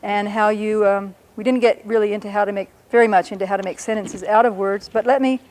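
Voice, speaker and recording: A woman teaching a language lesson, explaining patiently and sounding out words slowly and carefully. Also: medium pitch, fairly even intonation, a little mellow, a little hiss or hum.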